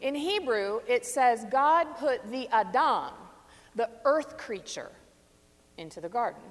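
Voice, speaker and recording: A woman delivers a sermon slowly and thoughtfully, her fairly high voice rising and falling widely as she leans into key phrases. Her words ring out with the long reverb of a large church hall. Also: lively intonation. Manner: reflective, measured, stresses key phrases. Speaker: preacher.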